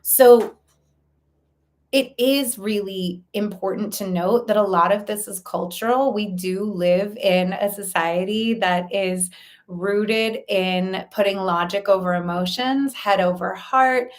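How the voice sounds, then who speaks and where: A woman's voice: medium pitch, slow. Woman, life coach, earnest, explanatory, talking to camera, mid-range voice. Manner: earnest, explanatory, builds points in lists. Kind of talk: direct-to-camera coaching talk.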